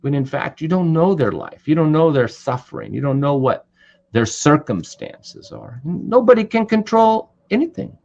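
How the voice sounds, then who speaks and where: A man teaching an online class as an Ayurvedic doctor and herbalist, talking conversationally with many "you know" fillers and animated storytelling. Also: a little high, normal speed, gravelly, lo-fi sound. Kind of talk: online webinar lecture.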